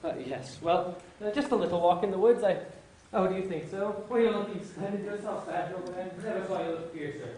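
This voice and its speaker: A stage actor playing a boastful, excitable male toad who is mad about motoring, with theatrical, gushing exclamations, recorded from a distance on a stage. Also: mid-range voice, a little fast, lightly acted. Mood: blustering. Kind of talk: stage play performance. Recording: distant echoey stage recording with faint hiss.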